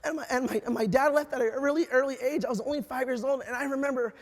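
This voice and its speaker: Man from California, very high voice, excitable motivational speaker at a company event, shouts in bursts. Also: fast. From California, USA. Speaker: company sales leader giving an award speech. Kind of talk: motivational stage speech.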